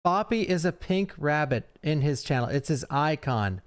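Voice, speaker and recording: A man's voice: on the high side, lively intonation. A young man streaming, chatting casually through a reaction to a speedrun with lots of fillers. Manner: chatty, fast asides, frequent fillers.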